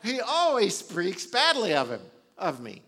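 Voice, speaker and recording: A man's voice: high-pitched, wildly swooping pitch, a little slow, pushed and bright, full character voice. A preacher voicing a boastful, careless ancient king in a brash, offhand way, as he retells a Bible story in a sermon.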